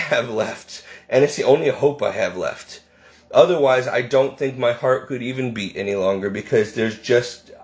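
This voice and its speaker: A man in his forties venting in a personal vlog monologue, weary and bitter, rambling from complaint to complaint. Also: medium pitch. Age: 40s. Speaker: video ministry creator.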